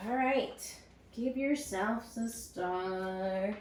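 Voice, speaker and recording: Woman teacher, slightly high voice, very slow and deliberate, echoey room. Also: fairly bright tone. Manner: slow, drawn-out word modeling with encouraging praise. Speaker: first grade teacher. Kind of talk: recorded phonics lesson for young children.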